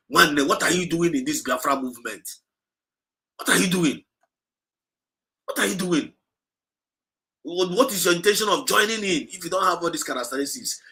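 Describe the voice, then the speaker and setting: A man with an Igbo accent preaches on a livestream in a forceful, bright voice that sits a little high. He exhorts and repeats himself, moving back and forth between English and Igbo. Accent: Nigerian Igbo. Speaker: movement speaker.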